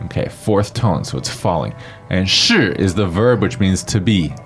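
A man co-hosting a podcast lesson, explaining word by word in a relaxed way. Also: sits low, moderate pace, faint music behind. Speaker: podcast co-host.

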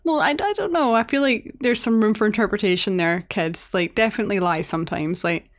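A woman with a mid-range voice co-hosts a podcast in relaxed chat. She is blunt and teasing, swears freely and laughs easily. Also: medium pitch, brisk. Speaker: podcast co-host. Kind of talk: casual chat recapping a cartoon episode.

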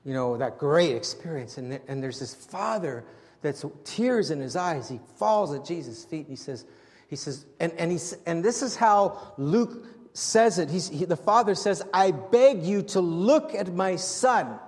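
A pastor preaches with a high-pitched voice, repeating and restarting phrases as he presses his point. His delivery swings between loud, animated appeals and quiet, hushed moments. A long reverb hangs on his words, as in a large hall. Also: normal speed. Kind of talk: sermon.

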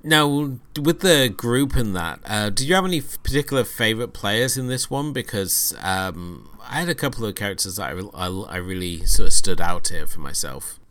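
A man's voice: lowish voice, animated, normal speed, few pauses, fairly bright tone, clean tone. A man co-hosting a film podcast, talking through plot points with many ums and uhs. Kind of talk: casual film discussion.

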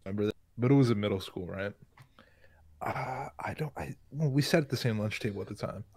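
A man's voice: lowish voice, a little fast, darkish tone, husky, no echo. Laid-back rambling young man. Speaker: podcast guest. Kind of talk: casual podcast chat.

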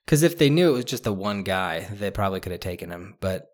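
A man with a fairly low voice talks through a book in loose, casual chat. He rambles and restarts often, leaning on fillers, then lifts into animated bursts. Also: quick pace. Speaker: podcast co-host discussing a book.

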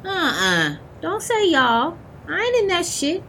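A woman playing a sassy, outspoken young adult with a drawling, expressive delivery. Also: slow pace, slight background noise, heavily acted. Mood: playful. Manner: sassy and outspoken, swinging between drawl and high exclamations.

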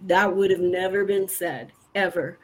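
An older woman on a video call speaking heartfelt thanks, emphatic and halting. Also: fairly low pitch, steady tone, slightly rough, low-quality recording. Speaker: conference attendee asking a question. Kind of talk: casual chat.

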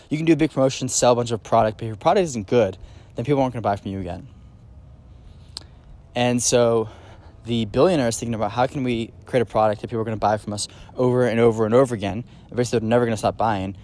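A man's voice: mid-range voice, darkish tone. Male podcast host, solo monologue; casual, filler-heavy, eager emphasis on key points. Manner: casual, rambling, many fillers and restarts.

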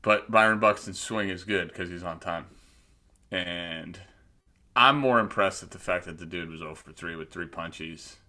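With a low voice and an unhurried, moderate pace, this podcast co-host jokes around about baseball and how his week went. His chat is loose, playful and full of lively storytelling.

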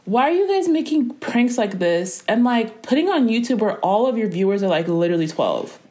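A woman's voice: a little high, lively intonation, fairly quick, dark tone. Laid-back young woman chiming in. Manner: laid-back, agreeing, profane. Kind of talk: casual chat.

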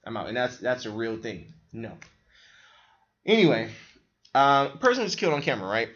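Animated, incredulous man ranting. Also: medium pitch, moderate pace, highs cut off. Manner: incredulous, animated, swears a lot. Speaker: podcast host reviewing a film. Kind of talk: casual rant.

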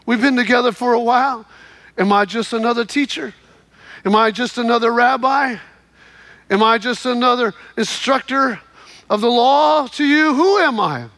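A tender teacher speaks gently and encouragingly, as a preacher acts him out. His voice sits high and bright, asking and reassuring. The sound is close and dry. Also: moderate pace, no room sound, full character voice. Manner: warm, questioning, encouraging.

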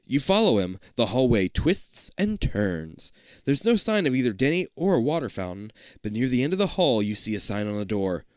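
Animated, cursing male comedy host. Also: medium pitch, normal speed, dry recording, clean studio sound. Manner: animated, swearing, laughing asides. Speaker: podcast host reading a children's book aloud. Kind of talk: casual comedic reading and chat.

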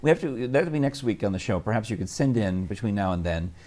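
A man's voice: lowish voice, animated, fast talker, mellow. A middle-aged man hosting a casual chat show, talking in a playful, teasing way. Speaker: host.

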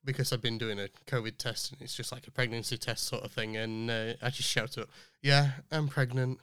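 Chatty man, smooth dry voice. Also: mid-range voice, flat delivery, fairly quick, bright, forceful tone, dry recording. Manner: chatty, rambling with many fillers and restarts. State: voice still rough from illness. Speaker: podcast host. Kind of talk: casual chat.

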